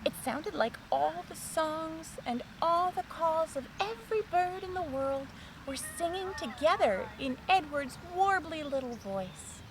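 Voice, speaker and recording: Woman narrator, bright high voice, lively sing-song, slow children's story read. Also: background noise.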